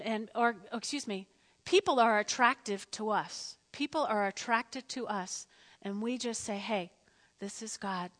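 A woman preaching a sermon in a church, animated and repetitive, calling on the congregation to respond. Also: a little high, big-room sound. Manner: animated, repeats phrases, asks the congregation to respond. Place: church sanctuary.

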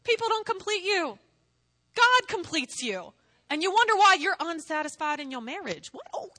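Woman preacher, high and bright, animated, laughs a lot, acts out quotes. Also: normal speed, dry recording, clean studio sound. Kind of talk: sermon.

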